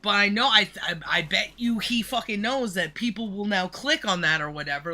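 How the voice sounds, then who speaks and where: A man's voice: sits high, a little fast, hardly any pauses, bright, forceful tone. A man livestreaming a reaction, ranting angrily and mockingly with heavy swearing. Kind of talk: profane reaction rant.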